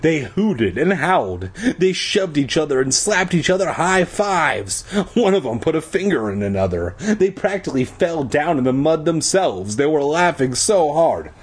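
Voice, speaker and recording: A man's voice: a little high, big pitch swings, normal speed, breathy edge. A man reading a story aloud and breaking off for sarcastic, profane jokes. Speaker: reader. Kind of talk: comedic book reading with crude asides.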